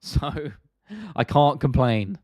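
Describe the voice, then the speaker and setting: Brief: casual young British live streamer, slangy, dry close mic. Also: male voice, on the high side, big pitch swings, slow pace, darkish tone, no room sound. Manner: laid-back, rambling, slangy. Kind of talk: casual live stream chat reading viewer questions.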